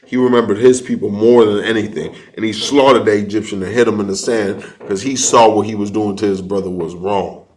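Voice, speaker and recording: A man leading an online class, preaching emphatically and building to loud, animated peaks. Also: on the low side, brisk, few pauses. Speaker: class teacher. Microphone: online class setup.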